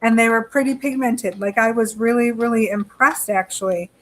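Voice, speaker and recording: A woman's voice: fairly high pitch, steady tone, moderate pace, slight background noise. A woman co-hosting a casual beauty review, chatty, laughing often and swearing freely. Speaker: beauty channel co-host. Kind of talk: casual chat product review.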